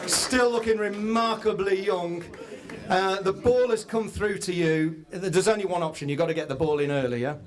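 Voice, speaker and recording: Hosting a live event, this Englishman tells comic stories to the audience and interviews guests at a moderate pace. His voice sits high, his manner is chatty and comic, and a crowd can be heard behind him.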